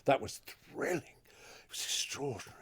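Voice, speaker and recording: An older man in his sixties, a podcast guest telling lively anecdotes with frequent laughter. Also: moderate pace. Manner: lively storyteller, laughs often, acts out voices in quotes. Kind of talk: casual anecdotal chat.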